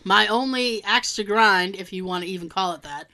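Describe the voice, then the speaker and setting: Bright-voiced woman telling animated stories. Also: medium pitch, normal speed. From Massachusetts, USA. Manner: animated storytelling, acts out quoted people. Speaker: podcast co-host. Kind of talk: casual chat.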